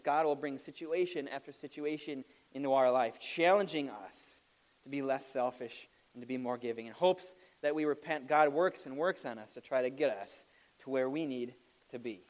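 A man's voice: on the high side, normal speed. A man preaching a sermon, opening with a funny personal story and laughing at himself as he goes. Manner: animated storytelling with self-deprecating laughs. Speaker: pastor.

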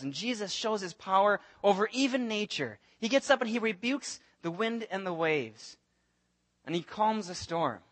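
In his sermon, a high-voiced pastor narrates the story in an earnest, lively manner and performs the voices of the people involved.

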